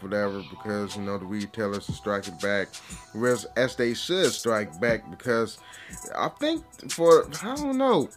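A man's voice: mid-range voice, fairly bright tone. Dude rambling on his podcast, cussing, laid-back, camera mic at home, faint music behind. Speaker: podcast host. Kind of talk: casual solo podcast chat. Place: at home, just out of bed. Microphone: vlogging camera mic.

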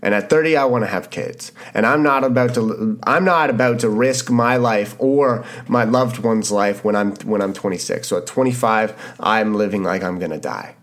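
A man's voice: fairly low pitch, normal speed, hardly any pauses. Young male podcast host, early 20s, Canadian-raised, fired-up motivational talker who repeats himself for emphasis and swears casually. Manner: impassioned, repetitive, swears casually. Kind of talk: motivational monologue.

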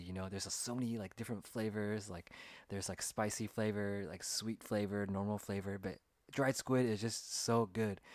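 A man's voice: lowish voice, no echo, studio quality. A man hosting his own podcast, telling a story in a loose, rambling way with many fillers and restarts. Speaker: podcast host. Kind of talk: casual storytelling monologue. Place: home recording in Los Angeles.

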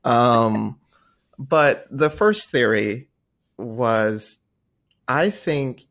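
A man's voice: medium pitch, animated, drawn-out words, a bit bright. A man co-hosting a casual podcast chat, floating his theories and joking in disbelief. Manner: theorizing, exasperated jokes. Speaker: podcast co-host.

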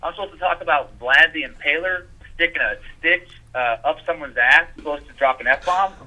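A man guesting on a podcast, talking in an animated, emphatic way with lots of swearing and quick restarts. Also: on the high side, muffled recording. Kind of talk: casual podcast conversation.

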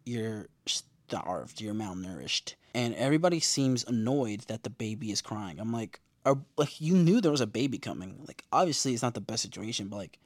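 A man's voice: medium pitch, brisk, hardly any pauses, dry recording. Slangy man recapping a show, dry sound. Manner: animated, slangy, acts out quotes. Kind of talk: casual episode recap.

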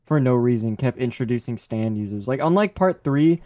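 Young dude on a podcast, average pitch, blunt and offhand about everything. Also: male voice, expressive, normal speed, warm tone. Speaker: podcast co-host. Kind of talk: casual chat.

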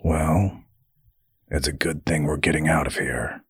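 A man's voice: extremely low pitch, fairly even intonation, unhurried, husky, no room sound, clean studio sound, exaggerated voice. A man voicing a blunt young male halfkin who scolds his brother, in an audiobook fantasy story. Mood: scolding.

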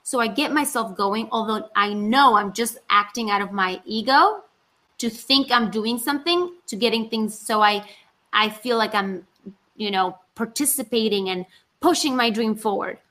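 Woman, actress, chatty and animated, voice sitting a bit high. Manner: animated, talks in rushes, acts out her inner voice. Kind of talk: casual conversation.

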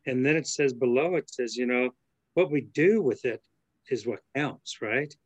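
A man's voice: medium pitch, moderate pace, no room sound. A man in a study group reading a passage aloud and then reflecting on it over a video call. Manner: thoughtful, reads aloud then muses.

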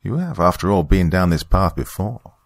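A man's voice: low voice, very animated, normal speed, vocal fry, no room sound, heavily acted. A man voicing a taunting female cult leader. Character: sinister woman cult leader, calm and taunting.

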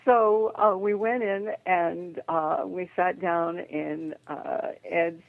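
An older woman with a gravelly, deep voice tells a story with lively energy. She is heard over a thin, tinny phone line. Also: takes it slowly, dry recording. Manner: lively narration with acted quotes and laughter. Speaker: psychic guest. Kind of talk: animated storytelling.

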